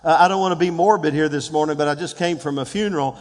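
A man in his sixties preaching a sermon as pastor, building to shouted calls and leading call-and-response with the congregation. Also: on the high side, fast talker, in a large hall. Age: 60s. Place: church sanctuary.

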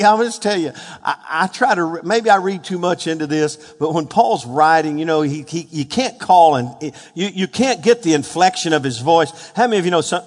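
A man preaching a sermon, fervent, building to shouted peaks and asking the congregation questions. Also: on the high side. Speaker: pastor. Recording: long hall reverb.

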